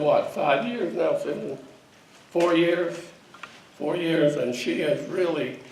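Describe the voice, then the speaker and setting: A man acting as master of ceremonies at a ceremony, introducing speakers in a halting, easily moved way, at a podium in a senior center hall. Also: a little high, darkish tone. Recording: echoey hall, distant mic, faint noise.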